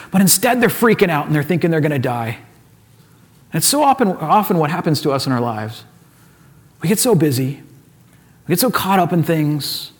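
A male pastor preaching a sermon, retelling scripture stories in an animated, casual way and acting out the characters' lines. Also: a little high, moderate pace.

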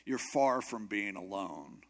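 A man's voice: on the low side, expressive, slow, gravelly, pitched below the performer's own voice, heavily acted. A man voicing God in a sermon retelling as a blunt, matter-of-fact figure who hands out orders.

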